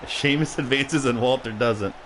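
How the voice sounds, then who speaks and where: A man's voice: mid-range voice, normal speed, background noise. A man hosting a livestream, casually commentating a video game match, rambling and joking, laughing often and swearing, a little tipsy and punchy.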